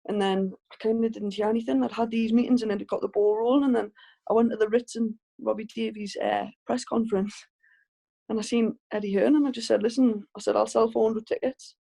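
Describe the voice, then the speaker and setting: A Geordie woman speaks over a video call as a guest in a casual interview. Her voice is dark and mellow with a gravelly fry running through it. She tells her stories in a relaxed, chatty way, restarting her sentences often. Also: a little high, brisk. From Northeast England. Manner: chatty storytelling with frequent restarts and laughs. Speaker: professional boxer, guest.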